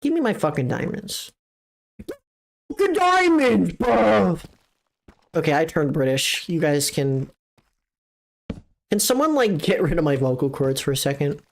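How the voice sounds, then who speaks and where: A young woman streaming a game live, chatting casually with her viewers, excitable and swearing, often jumping into high squeals. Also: normal speed, a little hiss or hum.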